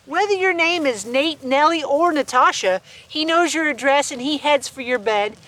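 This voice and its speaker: Outdoors on a farm with sheep and dogs, a woman reads a rhyming picture book aloud to her animals, playful and laughing between verses. Her voice sits high and is a bit bright, at a moderate pace.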